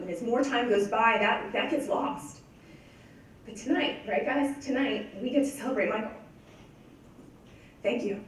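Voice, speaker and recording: A woman's voice: medium pitch, a little hiss or hum. A woman speaking for her family at a ceremony, earnest and tender. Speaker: family member of an honoree. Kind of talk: heartfelt ceremony speech. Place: large echoey banquet room. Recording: echoey hall, distant mic.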